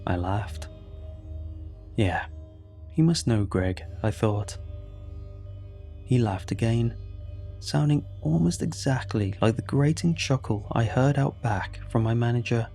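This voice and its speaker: A man narrating a first-person horror story in a calm, measured way. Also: mid-range voice, gravelly, soft background music.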